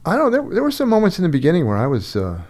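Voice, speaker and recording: Middle-aged male host, animated storyteller, very lively pitch. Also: very fast. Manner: animated storyteller, acts out quoted voices. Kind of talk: casual conversation.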